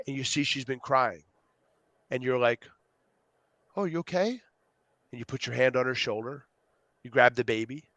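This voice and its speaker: A man being interviewed as a youth program co-founder, explaining ideas with lively acted-out quotes. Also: medium pitch, normal speed, dry recording. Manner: animated storyteller, acts out quotes. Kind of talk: podcast interview.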